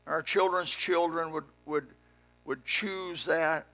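Man, pastor, sermon in a church, forceful bright voice, rises to shouts. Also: a little high, fairly even intonation, slow pace. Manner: fiery preaching, swings from hushed to shouting. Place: church sanctuary with a congregation.

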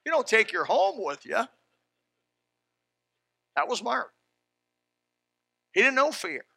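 Bright, fervent preaching man. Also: very high voice, very animated, slow pace, vocal fry, breathy edge, no echo. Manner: fervent, folksy preaching that swings from hushed to loud. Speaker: pastor. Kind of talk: sermon.

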